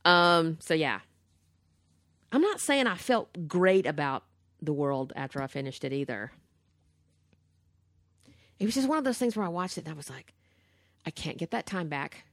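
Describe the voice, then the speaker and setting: A woman's voice: low-pitched, sing-song, moderate pace, long pauses, dry recording, studio quality. Blunt, profane woman podcaster. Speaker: podcast co-host. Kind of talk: casual chat.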